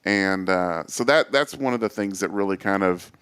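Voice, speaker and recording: A man, a guest on a talk show, telling lively stories with many quoted voices and fillers. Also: low voice, normal speed, clear, resonant tone. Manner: animated storyteller, acts out quoted voices. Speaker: associate athletic director, guest. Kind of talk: casual storytelling interview.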